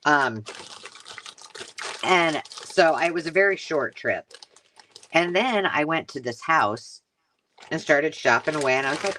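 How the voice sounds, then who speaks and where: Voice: medium pitch, lively intonation, measured pace, long pauses, background noise. A craft host chatting casually on a live stream, rambling through stories and cutting off her own sentences as she unboxes finds at home. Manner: rambling, self-interrupting storyteller.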